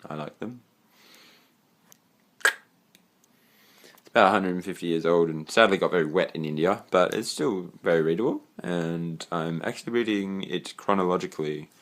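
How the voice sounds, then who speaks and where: A man's voice: deep voice, moderate pace, long pauses, a bit bright. A young Australian man giving a casual, rambling tour of his bedroom, swearing freely and trailing off into fillers. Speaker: vlogger. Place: own bedroom.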